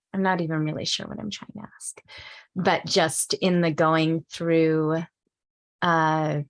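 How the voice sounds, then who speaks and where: Woman student, low voice, unsure and halting as she works out her question. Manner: hesitant, searching for words. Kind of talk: asking a question in an online class.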